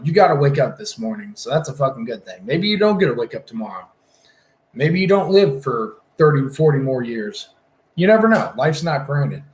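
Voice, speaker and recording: A young man talks to his live chat in a rambling, easily sidetracked way, peppering it with swearing. His voice sits at an ordinary middle pitch. The sound has a noticeable roomy echo. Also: darkish tone. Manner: rambling, profane, easily distracted. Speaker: livestreamer. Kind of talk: casual livestream chat.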